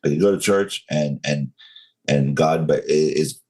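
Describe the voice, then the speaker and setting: A man in his forties from North Carolina with a Southern accent, telling his story as a podcast guest in a slow, controlled way. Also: a bass voice, a little mellow. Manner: slow, controlled, deliberate delivery.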